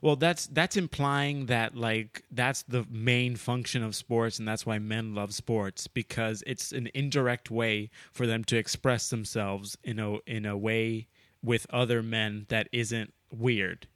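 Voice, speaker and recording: A man's voice: lowish voice, steady tone, fairly bright tone, no room sound. Young male co-host, casual and meandering, dry close-miked sound. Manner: rambling, halting, full of "like" and restarts. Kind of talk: casual chat.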